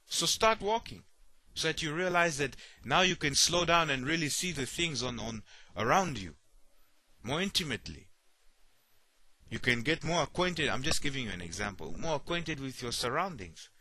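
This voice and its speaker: A man's voice: fairly high pitch, animated, moderate pace, sharp tone. A man preaching a sermon, often repeating himself and asking "you see?", acting out the worried voices of others.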